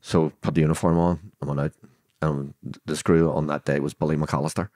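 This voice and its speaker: Older Belfast man, deep and gravel-free, dry close recording, vivid blunt storyteller who voices each speaker. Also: little pitch movement, a little fast, darkish tone, no room sound. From Northern Ireland. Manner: vivid retelling that acts out quoted dialogue; blunt, swears freely. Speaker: guest. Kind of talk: storytelling interview.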